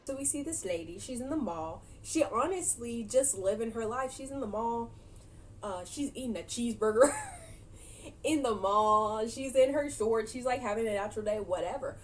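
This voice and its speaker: A woman's voice: on the high side, animated, normal speed, a little hiss or hum. A young woman casually recapping a movie for her vlog, chatty and giggly, animating her retelling. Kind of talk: casual chat.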